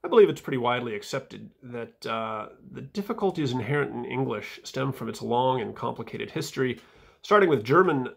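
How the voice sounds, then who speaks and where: Gravelly, husky-voiced man with wry humor. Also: mid-range voice. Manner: fillers and soft mumbled asides. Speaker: vlogger reading his own footnotes. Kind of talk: casual reading with asides.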